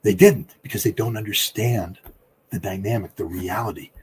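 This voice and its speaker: A man with a husky voice giving political commentary in an interview, talking in an emphatic, combative way. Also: normal speed. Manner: emphatic and combative, with big swings in pitch and loudness. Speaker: political commentator, former weapons inspector.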